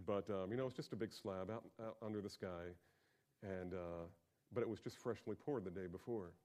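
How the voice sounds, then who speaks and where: A man preaching a sermon as pastor, talking conversationally and swinging from quiet asides to loud, emphatic peaks. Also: lowish voice, moderate pace.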